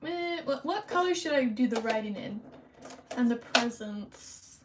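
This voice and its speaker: High voiced woman streamer, casual chatty self-teasing talk, repeats words while she thinks. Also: lively intonation, unhurried, background noise. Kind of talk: casual livestream chat.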